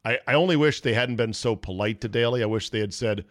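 A man's voice: medium pitch, fast, no room sound. A man hosting a sports talk show in an opinionated monologue, blunt and sarcastic. He swings into mock voices for the people he quotes. The studio sound is dry and close, with no room around him.

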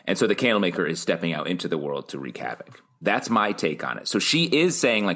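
A man co-hosting a TV recap podcast, teasing the others and calmly arguing his own take. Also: low-pitched, fast talker, hardly any pauses. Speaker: podcast co-host. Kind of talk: casual TV recap chat.

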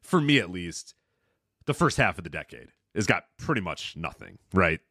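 A man with a swinging, lively voice chats loosely, tossing in fillers and the odd curse as he retells a moment playfully. His voice sits mid-low and the sound is dry, right on the mic. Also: moderate pace, dry recording. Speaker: podcast co-host. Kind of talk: casual chat.

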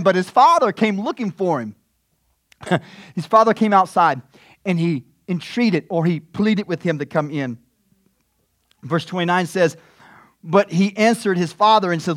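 Male pastor, high voice, animated storytelling sermon. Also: normal speed, dry recording, clean studio sound. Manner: animated storytelling, voice swings from hushed to loud.

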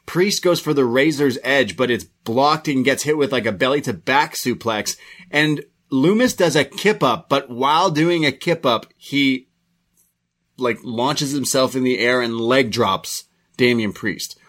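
A man's voice: medium pitch, unhurried, a bit bright. A man co-hosting a podcast, giving a rambling, casual play-by-play recap with frequent restarts. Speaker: podcast co-host reviewing wrestling.

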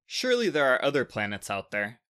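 A man's voice: mid-range voice, huge pitch swings, brisk, sharp tone, clear, resonant tone. A man voicing the planet Venus as an argumentative know-it-all in a storybook reading. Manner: argumentative, snappy.

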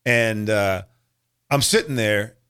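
A man's voice: on the low side, takes it slowly, clear, resonant tone. A middle-aged man, an actor and comedian, telling stories in a casual interview and acting out other people's voices with frequent laughs. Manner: animated storyteller acting out voices, laughs often.

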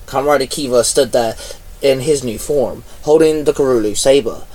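A man reading his own action story aloud at an unhurried pace, now and then pausing on a stumble. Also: mid-range voice, a little mellow. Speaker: fan fiction reader. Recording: voice a bit far from mic.

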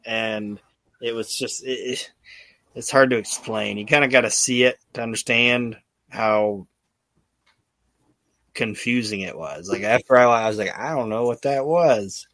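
A man's voice: lowish voice, steady tone, normal speed, pauses often, a bit bright, no echo. A man hosting a podcast, recapping in a rambling, casual way full of restarts. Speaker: podcast host.

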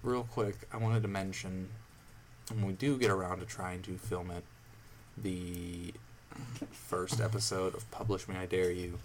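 A young man chatting casually on a podcast, animated and swearing often. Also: sits low, a little slow, slight background noise. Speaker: podcast co-host.

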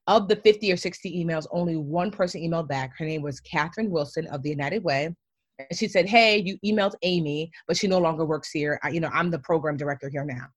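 Woman in her 30s, podcast guest, animated storyteller, casual slang, dry close sound. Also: low voice, quick pace, dry recording. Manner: animated, says "like" and "yo" a lot, acts out her own past lines.

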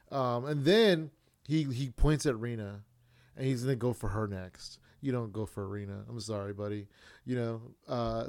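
A man hosts his own podcast and walks through events in a relaxed, conversational recap. He rambles, stops to find his place and acts out quotes along the way. His voice sits at an ordinary middle pitch. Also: clear, resonant tone. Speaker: podcast host. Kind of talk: casual wrestling recap.

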